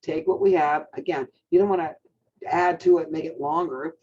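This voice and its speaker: Male team coach, energetic pep talk, higher pitch, muffled call audio. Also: moderate pace, husky. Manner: energetic, coaching, many fillers and restarts.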